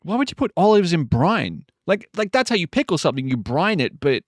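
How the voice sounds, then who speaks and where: Live streamer, man in his 40s, wry exasperated rants, bouncy lively pitch, dry close desk mic. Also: brisk, hardly any pauses, no echo. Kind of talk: casual live-stream chat reacting to videos.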